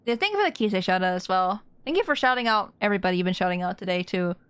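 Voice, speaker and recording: A young adult woman streaming a game, chatting casually and excitably while she plays. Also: mid-range voice, rapid-fire, clean tone, no room sound. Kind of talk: casual gameplay commentary. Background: game music.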